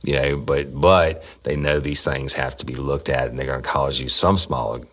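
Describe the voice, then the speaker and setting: A man's voice: extremely low pitch, steady tone, moderate pace. A middle-aged man, a former police officer, telling rambling, profane stories in a casual podcast. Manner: profane, rambling storyteller who acts out quotes loudly. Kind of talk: casual true-crime storytelling.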